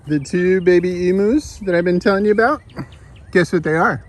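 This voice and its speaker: A backyard animal keeper chatting casually to pet emus outdoors, often slipping into high baby talk. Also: normal speed. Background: faint outdoor ambience and bird sounds.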